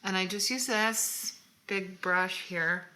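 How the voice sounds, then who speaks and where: A woman's voice: mid-range voice, slow, noisy background. A woman co-hosting a casual makeup tutorial, chatting through each step as she works. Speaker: co-host of a makeup channel.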